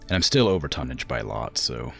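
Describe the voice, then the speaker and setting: A man's voice: rumbling low, sing-song, fast, vocal fry, soft background music. A man streaming a strategy game, chatting casually and laughing often.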